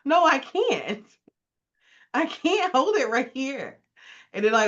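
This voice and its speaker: A woman's voice: high-pitched, slow, long pauses. A woman co-hosting a casual podcast chat, telling stories animatedly and acting out voices with laughter. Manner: animated storyteller who acts out voices with laughs. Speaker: podcast co-host. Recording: dull lo-fi recording.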